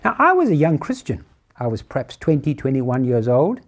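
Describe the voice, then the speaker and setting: Emphatic middle-aged male preacher, swooping pitch. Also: huge pitch swings, normal speed. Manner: emphatic, repetitive rhetorical phrasing. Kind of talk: sermon.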